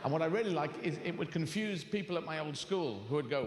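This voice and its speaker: A man doing stand-up comedy on a theater stage, animated, with jumping pitch and playful swearing. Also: fast talker, slight background noise. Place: large theater stage with live audience.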